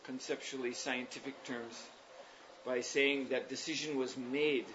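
A man's voice: mid-range voice, steady tone, unhurried, fairly bright tone, a little hiss or hum. Man teaching in a meandering, thoughtful way. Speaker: spiritual teacher leading a class. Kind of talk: explanatory religious discourse. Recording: dull lo-fi recording.

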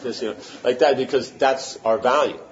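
Here a man with a medium-pitched voice speaks at a moderate pace, giving an informal devotional talk. As a spiritual teacher he's conversational and often checks for understanding, asking if his point makes sense. The audio is slightly muffled with faint room noise.

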